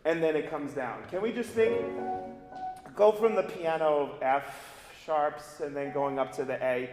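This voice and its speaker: A man with a fairly high speaking voice coaches a student in a master class, encouraging her and singing short phrases to show what he means. The sound is roomy, with a long reverb tail from the big hall and faint music underneath. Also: a little slow. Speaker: voice teacher leading a master class. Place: large resonant recital hall.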